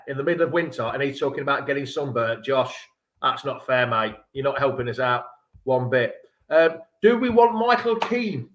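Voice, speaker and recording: A man's voice: high-pitched, fairly bright tone, roomy sound. A man hosting a live fan-show stream from his home, rambling casually and joking with viewers in the chat. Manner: chatty, rambling, jokey banter with viewers. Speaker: fan channel livestream host. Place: room at home.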